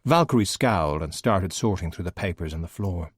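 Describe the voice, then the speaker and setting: A man reads a fantasy audiobook with expressive, lively storytelling. His voice is low and animated. The recording is dry and close. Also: fairly quick, breathy edge, no room sound. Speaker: audiobook narrator. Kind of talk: scripted narration.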